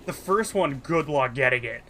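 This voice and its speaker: A man's voice: medium pitch, expressive, normal speed, a bit bright, a little hiss or hum. A tired man streaming a game live, chatting casually and breaking into exclamations and laughter. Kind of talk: casual gaming stream chat.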